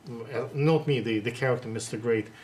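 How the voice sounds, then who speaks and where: A man hosting an interview, speaking haltingly and restarting his sentences, his words dotted with pauses. His voice sits at an ordinary pitch for a man. Faint ambient noise hangs behind him. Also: a little mellow. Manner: halting, full of hesitations and restarts. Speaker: interviewer host. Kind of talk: casual interview chat.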